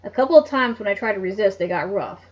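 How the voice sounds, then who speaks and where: A calm male doctor tells his story in a measured way, voiced by a woman reading aloud. His voice sits fairly high. The recording is dull and lo-fi.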